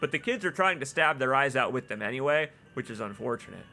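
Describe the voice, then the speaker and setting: A man casually commenting on a video game as he plays. He reads the in-game notes aloud and bursts into loud, exclaiming laughs at the jokes. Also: mid-range voice, expressive, quick pace, gravelly, a little hiss or hum. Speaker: streamer playing a video game. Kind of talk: casual let's-play commentary.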